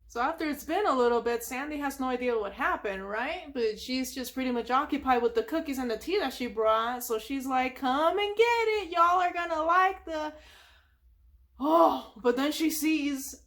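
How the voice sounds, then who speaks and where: A woman with a high voice retelling a cartoon episode from memory for an ASMR channel. She chats along with plenty of asides and fillers. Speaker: ASMR storyteller.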